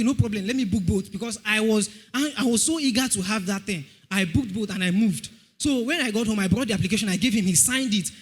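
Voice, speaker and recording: High-pitched young Nigerian man testifying. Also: breathy edge, long reverb tail. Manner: animated storytelling, acts out voices. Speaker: church member giving testimony. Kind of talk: testimony in church.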